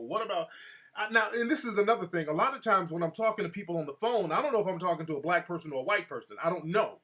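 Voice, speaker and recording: A man hosting a casual live talk show, telling stories in an animated way and calling out chat viewers by name. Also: sits high. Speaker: show host.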